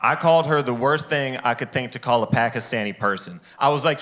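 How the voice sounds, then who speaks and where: A man doing a stand-up set on a club stage. He is animated and jumps into high, squeaky character voices for the people in his stories, speaking into a handheld mic. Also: fairly quick, a little hiss or hum. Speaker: stand-up comedian. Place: comedy club stage with a live audience.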